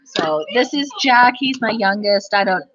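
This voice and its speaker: A woman in her thirties co-hosting a casual livestream, chatty and quick to laugh as she greets viewers. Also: medium pitch, lively intonation, a crowd in the background. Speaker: livestream co-host. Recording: dull lo-fi livestream audio.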